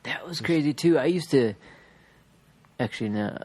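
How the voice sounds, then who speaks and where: A man's voice: on the high side, lively intonation, normal speed, a little mellow, dry recording. A man chatting casually and rambling, swearing and acting out what other people said. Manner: rambling, profane, acts out quoted voices. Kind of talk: casual chat.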